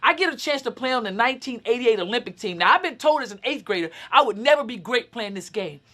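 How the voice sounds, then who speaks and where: A woman in her fifties giving a motivational talk, telling a personal story in a lively, dramatic way and acting out scenes with sudden shouts. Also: on the high side, quick pace. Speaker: motivational speaker.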